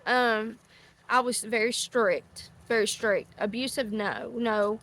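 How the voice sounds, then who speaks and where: Her voice is a little high and a bit bright, and she takes her time. A middle-aged woman, she hosts a casual outdoor chat for a live audience, rambling and drifting off topic while ducks quack around her.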